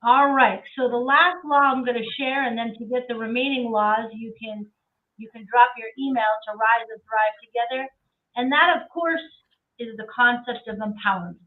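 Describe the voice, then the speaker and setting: A woman's voice: on the high side, normal speed. A woman speaking as a guest on a talk show, effusive and repeating phrases for emphasis, over a remote call. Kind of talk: casual talk-show conversation. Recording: tinny remote call from far off.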